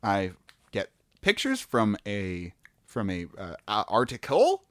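A man's voice: on the low side, wildly swooping pitch, slow pace, a bit bright, no room sound, studio quality. A man co-hosting a comedy podcast, bantering playfully and laughing often while he riffs on silly ideas. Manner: playful, giggly, riffs on jokes. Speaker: podcast co-host.

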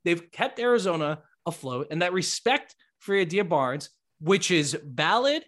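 A man's voice: a little high, a little slow. A man co-hosting a sports podcast in casual chat, emphatic and repeating his points. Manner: animated, emphatic, repeats himself. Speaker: podcast co-host.

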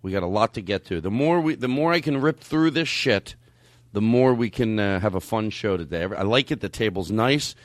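A man's voice: on the low side, expressive, moderate pace, no echo, clean studio sound. A man hosting a casual comedy podcast, joking, swearing and laughing easily. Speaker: podcast host.

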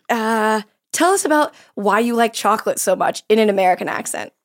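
A woman's voice: mid-range voice, animated, normal speed. A young adult woman hosting a casual chat, playful and teasing as she asks questions. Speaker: podcast host.

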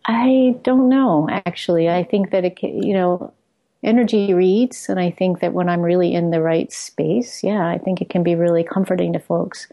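A middle-aged woman with a mellow, fairly low voice talks as a guest in a reflective conversation. She speaks earnestly and searchingly, often restarting a phrase before finding her point. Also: moderate pace. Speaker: guest, outreach work leader.

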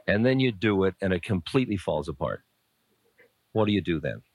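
A man's voice: low voice, lively intonation, brisk, a little mellow, no room sound. A man giving an informal spiritual talk as a teacher, musing in a conversational, playfully blunt way as he answers a question.

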